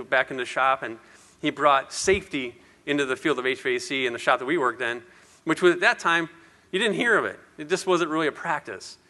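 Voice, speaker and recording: A man's voice: fairly high pitch, bright, forceful tone. Rambling, laughing man speaking in a hall. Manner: rambling, self-deprecating, laughs often. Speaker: speaker at an industry event. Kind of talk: personal speech to an audience.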